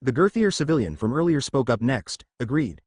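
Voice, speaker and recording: A man's voice: medium pitch, very animated, a little fast, breathy edge, dry recording, clean studio sound. A man narrating a fan fiction story aloud.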